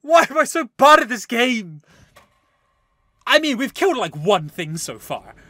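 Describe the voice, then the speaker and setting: A man giving excitable, joking let's play commentary, often shouting and swearing at the game. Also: extremely high pitch, measured pace, no room sound, clean studio sound. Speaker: gaming channel host.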